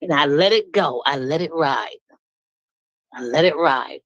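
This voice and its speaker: A woman's voice: low-pitched, lively intonation, unhurried, no echo, dull audio. A woman speaking up in an online talk room, venting bluntly and emphatically about her marriage and laughing as she talks. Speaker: caller sharing her story.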